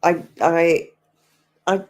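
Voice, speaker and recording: A woman's voice: lowish voice, fairly even intonation, drawn-out words. An English woman in her fifties hosting a livestream, chatting casually and answering viewers' comments aloud with frequent laughter. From England. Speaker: livestream host.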